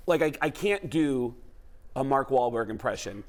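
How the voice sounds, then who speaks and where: Man from New York, impressionist guest, mid-pitched, animated casual chat. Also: normal speed. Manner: animated storytelling, breaks into voices. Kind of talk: casual talk-show chat.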